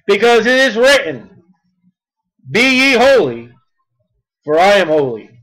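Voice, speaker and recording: A man with a very high voice delivers a sermon. He reads verses slowly and deliberately, then presses his points with emphasis. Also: sing-song, a bit bright, rough recording. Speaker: preacher.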